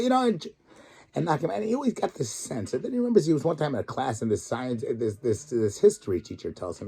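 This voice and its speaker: A man's voice: medium pitch, fast, gravelly, breathy edge. A middle-aged man, a rabbi and tour guide living in Israel, giving a weekly Torah talk full of stories and acted-out quotes. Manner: animated storyteller, acts out quotes.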